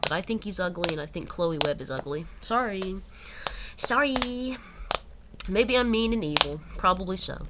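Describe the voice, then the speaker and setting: A young woman reading an article aloud and breaking off into rambling, self-correcting asides. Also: fairly low pitch. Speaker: channel host. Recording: loud background noise.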